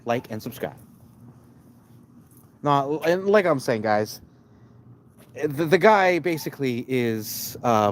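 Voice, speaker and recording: Guy ranting on a livestream, mid pitch, keeps restarting, faint street noise behind. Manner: rambling, many restarts, addresses "ladies and gentlemen". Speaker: streamer. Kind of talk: casual live-stream commentary.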